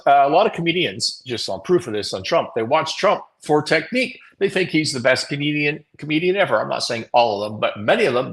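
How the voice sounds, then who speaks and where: A man's voice: on the high side, a bit bright, rough recording. A man hosting a live morning show, giving blunt, opinionated commentary with swearing and self-mocking laughs. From Canada.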